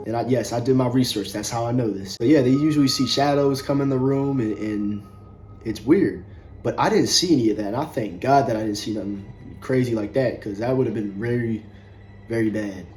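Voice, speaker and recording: A man's voice: mid-range voice, fairly quick, a little mellow. A young man telling a personal story to his viewers in a loose, conversational way, with many fillers and repeated words. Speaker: vlogger. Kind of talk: casual storytelling to camera. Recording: music playing underneath.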